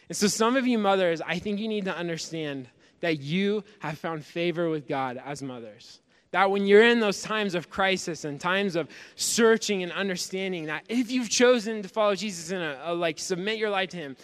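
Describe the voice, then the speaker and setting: A man preaching a sermon in a relaxed, conversational way, voicing people's thoughts as he goes. His voice sits high and sounds smooth and resonant. It rings out with the long reverb of a large hall. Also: brisk. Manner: conversational preaching with frequent fillers, acting out inner voices. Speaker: pastor.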